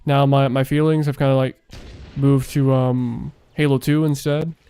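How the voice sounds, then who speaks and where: A man's voice: mid-range voice, flat delivery, normal speed, mellow, clear, resonant tone. A young man chatting casually while streaming a game he makes, rambling with lots of fillers, his voice worn out late at night. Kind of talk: casual gaming stream chat.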